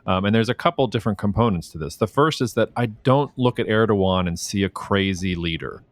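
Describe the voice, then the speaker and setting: Low-voiced man hosting a podcast. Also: fairly quick, no room sound. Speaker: podcast host. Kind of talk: casual podcast conversation.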